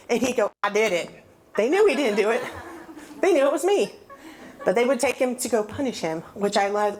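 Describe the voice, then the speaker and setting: A woman in her forties gives a recovery testimony, candid and self-mocking as she tells her story. Her voice is fairly high, with a little hiss or hum in the background.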